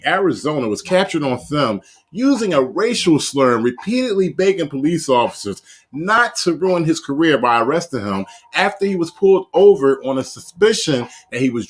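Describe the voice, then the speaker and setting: Profane, joking male video commentator. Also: a little high. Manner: blunt, profane, jokey, reads news aloud. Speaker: host reviewing police videos. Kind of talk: casual live video commentary.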